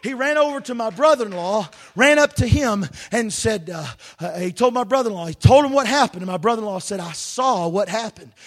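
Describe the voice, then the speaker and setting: A middle-aged man preaching a fervent sermon with a strikingly high-pitched voice. He tells his story in a rhythmic, sing-song cadence that climbs into full-throated shouting. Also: lively intonation, fast.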